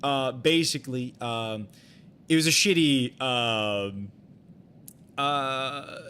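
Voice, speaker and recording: A young man chatting on a live game stream in a voice of ordinary middle pitch. He rambles through a personal story, circling back and restarting sentences, with plenty of fillers and loose swearing. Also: takes it slowly, pushed and bright, clear, resonant tone.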